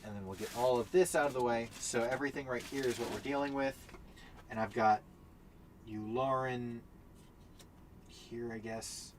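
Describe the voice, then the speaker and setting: A man's voice: mid-range voice, steady tone, normal speed, pauses often, slight background noise. A man casually chatting while setting up a tabletop game on a live stream, often mumbling to himself as he sorts pieces.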